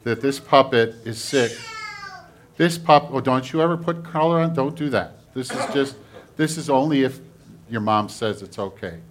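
A man, a pastor, giving a children's sermon in a church, speaking in a gentle, animated way to kids. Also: mid-range voice, moderate pace, slight background noise. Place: church sanctuary.

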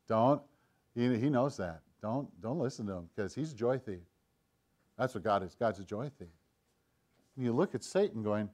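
A man preaching a sermon, swinging between loud, emphatic lines and hushed, low asides, sometimes acting out the tempter's voice in quotes. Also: expressive, moderate pace, pauses often. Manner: acts out Satan's voice in quoted lines. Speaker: pastor.

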